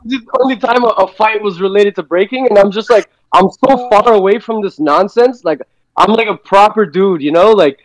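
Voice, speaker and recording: A man's voice: sits high, normal speed, no room sound, poor audio. A man guesting on a podcast, telling stories in a laid-back, slangy way and swearing freely. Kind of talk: casual storytelling chat.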